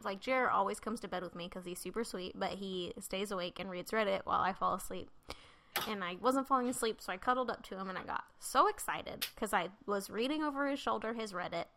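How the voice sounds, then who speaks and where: A woman co-hosting a podcast, telling rambling stories with excitement in casual chat. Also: mid-range voice, brisk, slight background noise. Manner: rambling storyteller, enthusiastic. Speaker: podcast co-host.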